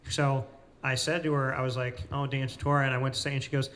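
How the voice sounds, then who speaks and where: A man hosting a casual interview in a cafe, telling stories with lively retellings of what people said. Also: mid-range voice, fast talker, slight background noise. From Central New York. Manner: animated storyteller, acts out quoted people. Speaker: host.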